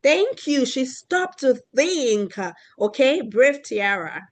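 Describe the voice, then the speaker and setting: A woman's voice: high-pitched, animated, slow pace. A woman teaching a children's class, who keeps asking questions and checking in with the kids. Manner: asks questions often, keeps checking with "right?".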